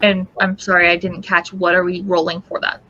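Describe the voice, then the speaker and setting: A woman's voice: on the low side, completely flat delivery, a little fast, sharp tone. A woman as a player in a tabletop role-playing game, stating her actions matter-of-factly. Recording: dull lo-fi mic with faint hiss.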